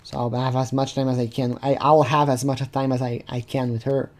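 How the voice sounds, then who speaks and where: An eager, lonely man, read by a man in a plain, muttered voice close to the reader's own. The delivery is low-key and unpolished. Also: level tone, a little fast, a little mellow, lightly acted. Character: eager lonely man waiting to chat online.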